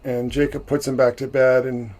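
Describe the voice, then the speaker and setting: A man hosts a livestream, speaking through its mic in a level, darkish, mid-range voice at a moderate pace. His film recap is casual and wandering, full of restarts and frequent chuckles.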